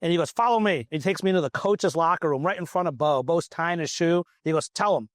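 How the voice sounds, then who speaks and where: Lively man acting out a locker-room tale. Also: a little high, fast talker, no echo, clean studio sound. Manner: animated storyteller acting out quoted voices. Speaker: former football student manager. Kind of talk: casual storytelling interview. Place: outdoors at a golf event.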